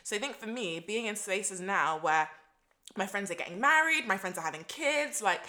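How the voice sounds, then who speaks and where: A woman, co-hosting a casual chat podcast, lively and laughing often. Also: medium pitch, moderate pace. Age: 20s. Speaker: podcast co-host.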